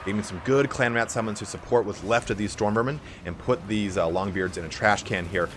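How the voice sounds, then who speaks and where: A young man with a raspy, allergy-hoarse voice giving casual play-by-play commentary on a strategy game match. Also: on the low side, background noise. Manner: casual, fast-flowing play-by-play with fillers. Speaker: game caster.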